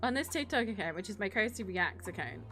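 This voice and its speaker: While gaming on a live stream, a young woman talks casually and sarcastically, ranting with plenty of laughter. Her mid-range voice is quick, fairly bright, and full of lively intonation, with soft music in the background.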